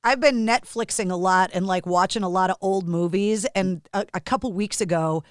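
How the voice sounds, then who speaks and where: A woman's voice: mid-range voice, clear, resonant tone, no room sound. Wry woman podcast host, dry close sound. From Boston area. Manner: wry, teasing, quick retorts. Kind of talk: conversational interview.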